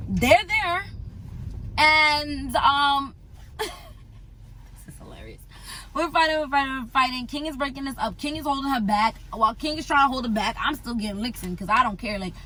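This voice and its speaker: A young woman from the United States, telling an animated, slangy storytime vlog and repeating herself for emphasis. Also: high voice, slight background noise, poor audio. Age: young adult. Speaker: vlogger.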